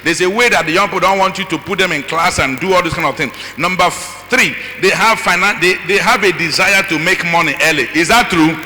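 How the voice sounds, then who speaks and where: A middle-aged man speaking as a conference speaker, animated and acting out voices with asides to the audience. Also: high-pitched, brisk, few pauses. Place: large conference hall. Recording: long hall reverb, faint noise.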